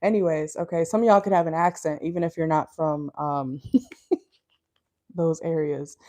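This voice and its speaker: Woman, Minnesotan accent, lowish mellow voice, chatty and blunt tarot reader, talking from a car. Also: steady tone, moderate pace. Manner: chatty, blunt and laughing, with lots of fillers. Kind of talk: casual tarot reading for viewers. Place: parked car.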